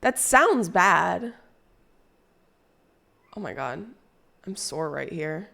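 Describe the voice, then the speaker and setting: A woman's voice: fairly low pitch, sing-song, very slow, gravelly, bright, forceful tone. A young adult woman streaming live, chatting casually with viewers in a rambling, crude and playful way as she reads chat aloud.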